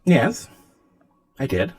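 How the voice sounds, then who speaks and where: A man voicing a scheming female AI with a polite, quietly menacing manner. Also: drawn-out words, faint music behind. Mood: diplomatic. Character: scheming female AI, smug and falsely sweet.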